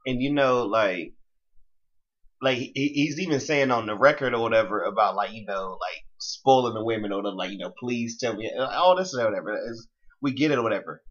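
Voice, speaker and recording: A man co-hosting a casual music review chat, animated and slangy, often talking over his co-host. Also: mid-range voice, a little fast, muffled recording.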